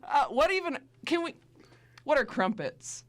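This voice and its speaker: Co-host: young woman, lively rise and fall, keeps laughing, casual studio chat. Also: high voice, measured pace. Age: young adult. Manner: giggly, lively, often breaks into laughter. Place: radio studio. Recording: college radio studio.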